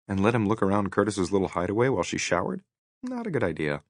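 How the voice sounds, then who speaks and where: Low-voiced man narrating a romance novel. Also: very animated, fast, no room sound, clean studio sound. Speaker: audiobook narrator. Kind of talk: scripted narration.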